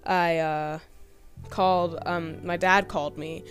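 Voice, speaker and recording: A woman's voice: fairly low pitch, little pitch movement, slow, faint music behind. A young woman hosting a podcast, telling a personal story in a rambling, hesitant way, full of fillers. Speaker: podcast host.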